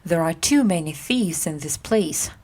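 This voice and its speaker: A woman voicing a big angry man in a crowd in a storybook reading, slow and gruff. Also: lowish voice, lively intonation, a little mellow. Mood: threatening.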